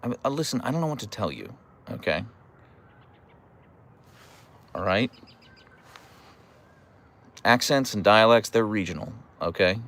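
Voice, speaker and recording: A man's voice: lowish voice, very animated, moderate pace, pauses often, a bit bright. A man from Pittsburgh with a Pittsburgh accent, chatting casually on a livestream, reading viewer comments and teasing. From United States. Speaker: livestream host reading chat.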